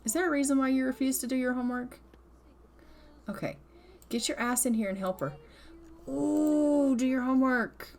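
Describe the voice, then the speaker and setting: A woman with a high, slightly mellow voice hosts a laid-back let's-play at a moderate pace, pausing often. Exasperated, she scolds her characters and speaks their imagined thoughts aloud.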